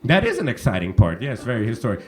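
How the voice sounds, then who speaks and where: Lively teasing stand-up comedian, a man. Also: medium pitch, quick pace. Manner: teasing, chatty questions to the audience. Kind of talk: stand-up crowd work. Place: comedy club stage.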